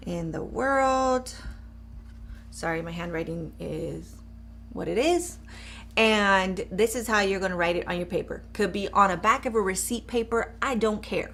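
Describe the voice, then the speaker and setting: Woman, middle-aged, mindset coach, upbeat, encouraging, talks to viewers, medium pitch. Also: a little slow. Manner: guides a short eyes-closed exercise in a softer voice. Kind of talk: live coaching demonstration.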